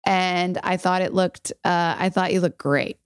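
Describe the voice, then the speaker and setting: A woman's voice: lowish voice, steady tone, unhurried, clear, resonant tone. A woman co-hosting a casual podcast, effusive and enthusiastic, heaping praise on her co-host.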